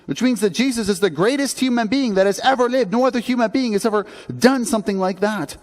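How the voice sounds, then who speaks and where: Long church reverb surrounds a Canadian pastor preaching in a sanctuary with a high-pitched, fast voice. His sermon is earnest and conversational, with emphatic rises on the key points.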